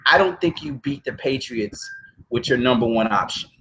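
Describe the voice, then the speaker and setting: A man's voice: medium pitch, moderate pace, fairly bright tone, slight background noise, poor audio. A man vlogging emotional football talk, blunt and profane, often repeating himself as he restarts phrases. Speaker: sports vlogger. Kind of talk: emotional football commentary vlog.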